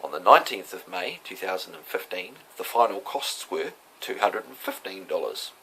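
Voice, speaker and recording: A man's voice: low-pitched, lively intonation, moderate pace, gravelly, bright, forceful tone, a little hiss or hum, low-quality recording. A man talking casually and defiantly about his day in court, lecturing and emphatic. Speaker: self-represented defendant recounting a court hearing. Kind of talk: casual spoken monologue.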